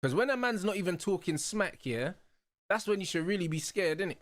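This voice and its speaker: A young man hosting a live football watch-along, talking excitedly in heavy slang and laughing loudly. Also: high voice, brisk, dry recording. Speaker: host.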